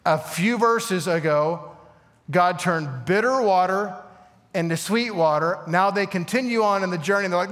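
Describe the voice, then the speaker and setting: A man preaching a sermon to a congregation, animated, with asides and questions to the room. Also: high-pitched, moderate pace, long reverb tail. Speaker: pastor.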